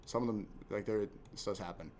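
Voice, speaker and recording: A man of Haitian family talking fast and animatedly on a live stream, stumbling over repeated words as he argues his point. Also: lowish voice, steady tone, a little mellow. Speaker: streamer and host. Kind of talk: casual live-stream debate.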